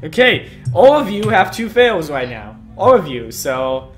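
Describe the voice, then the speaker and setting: Brief: brisk male game master, slightly high voice. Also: sing-song, soft background music. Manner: brisk rulings, quick explanations. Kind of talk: running a tabletop game.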